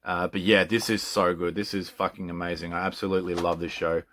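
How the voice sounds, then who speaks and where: A man's voice: sits low, little pitch movement, brisk, a bit bright, slight background noise. A man chatting casually and with enthusiasm, often laughing and swearing freely. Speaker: collector. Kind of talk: casual chat.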